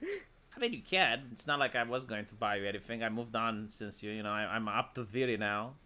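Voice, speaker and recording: Man, Romanian accent, lively swooping pitch, rambling, stammers. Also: a little fast. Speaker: streamer. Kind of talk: casual stream banter.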